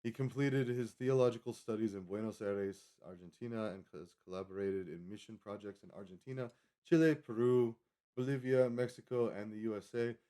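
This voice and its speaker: Reading a web page aloud on his livestream, a Colorado man rambles casually and trips over foreign names. He talks a little fast in a lowish, mellow voice.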